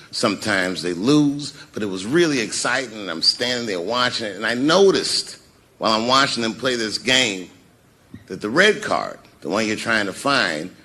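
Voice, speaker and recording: A man telling stand-up comedy stories, acting out the people in them and dropping to a hushed mumble for sheepish asides. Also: lowish voice. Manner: animated, acts out the voices of people in his stories.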